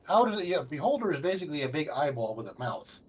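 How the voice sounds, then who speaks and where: A man's voice: fairly high pitch, very animated, fast talker. A man in a casual gaming chat, joking bluntly and swearing now and then. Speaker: gaming group member. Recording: voice off-mic, clear music behind.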